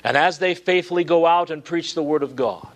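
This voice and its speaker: A man with a fairly high voice delivers an earnest expository sermon. He rises to emphatic peaks and then drops into low, hushed passages to stress a point. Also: fairly quick, slight background noise. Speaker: preacher.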